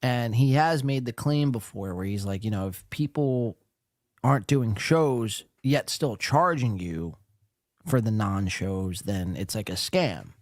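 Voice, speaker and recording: A man's voice: fairly low pitch, measured pace, a little mellow, no echo, clean studio sound. A man hosting a casual reaction chat, talking in fits and starts, swearing and stumbling when flustered. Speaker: podcast host.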